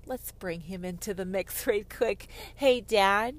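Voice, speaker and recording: A woman giving a heated monologue on faith, sarcastic and profane, swinging from loud outbursts to whispers. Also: mid-range voice, measured pace, few pauses, dry recording. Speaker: online Christian commentator.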